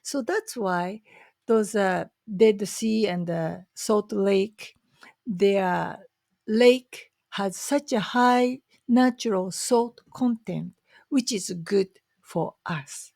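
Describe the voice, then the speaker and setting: A woman's voice: medium pitch, extremely slow, vocal fry, darkish tone, no room sound, studio quality. A Japanese woman speaking English with a Japanese accent, chatting casually and enthusiastically to camera as a vlogger, with many fillers.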